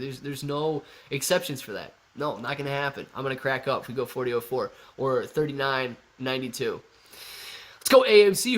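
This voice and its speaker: A young man hosting a casual live stream, reading viewer chat aloud in an excitable, chatty way and calling people bro and man. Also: a little high. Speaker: livestream host reading chat.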